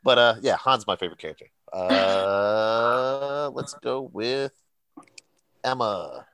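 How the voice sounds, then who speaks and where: Man, middle pitch, dry close sound, laid-back, swearing, casual movie chat. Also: takes it slowly, a bit bright, clear, resonant tone, dry recording.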